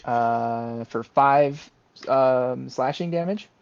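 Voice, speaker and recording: A man playing a tabletop game, calmly declaring his rolls and damage with frequent "uh"s. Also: mid-range voice, clean tone. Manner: unhurried, with many "uh"s while declaring rolls. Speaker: player. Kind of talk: casual tabletop game play. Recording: dull lo-fi mic.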